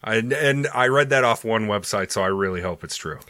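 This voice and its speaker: American man, podcast co-host, bright voice, lively pitch, playful and profane, dry sound. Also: brisk, dry recording. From United States. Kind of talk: casual chat.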